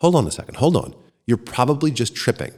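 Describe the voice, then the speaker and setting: A man voicing a calm, white-haired neighbor. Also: medium pitch, voice pushed up. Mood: reassuring. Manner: slow, measured, soothing. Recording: long reverb.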